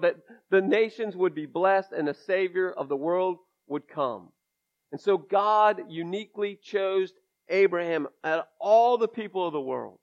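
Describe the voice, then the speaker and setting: A man preaching a conversational sermon in a church, folksy and candid with emphatic asides. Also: high-pitched. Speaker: pastor. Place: church sanctuary. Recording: dull lo-fi sermon recording.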